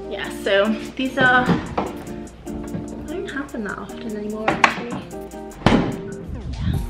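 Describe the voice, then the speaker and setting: A woman's voice: a little high, unhurried, loud music behind the voice. A young woman chatting casually at home on her sofa, rambling and giggling through a haul vlog. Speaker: lifestyle vlogger. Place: home living room, on the sofa.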